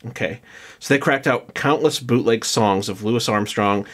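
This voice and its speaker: This podcast co-host is a man with a mid-range, slightly bright voice and a moderate pace. His delivery mixes loose casual chat with reading from notes, with plenty of fillers and false starts.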